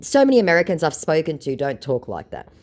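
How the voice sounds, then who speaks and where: A woman vlogger recounts her chats with scammers, mocking them sarcastically in a casual storytelling style. Her low, darkish voice swoops wildly in pitch, and she talks fast.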